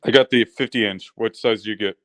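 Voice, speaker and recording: A man chatting casually as a guest on a live stream, relaxed and friendly. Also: fairly low pitch, fairly quick. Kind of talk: casual chat.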